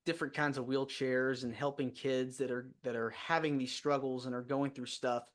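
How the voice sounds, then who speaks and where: A man's voice: medium pitch, flat delivery, moderate pace. A man hosting an interview show, asking polite, earnest questions. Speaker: podcast host.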